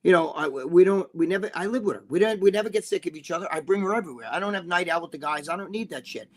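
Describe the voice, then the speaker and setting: A man's voice: sits high, very fast, a little mellow. A man with a New Jersey accent, co-hosting a casual live chat in a blunt, rambling, profane way. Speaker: co-host.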